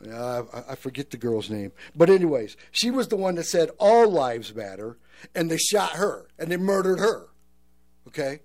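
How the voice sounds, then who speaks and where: A man's voice: on the high side, lively intonation, moderate pace, darkish tone. A man hosting a talk radio show, talking earnestly to listeners and calling them folks.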